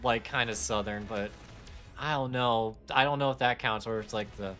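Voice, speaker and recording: With faint music in the background, a man streams a game live and talks in a rambling, self-deprecating, casual way. He has a mid-range, fairly bright voice and speaks at a normal speed.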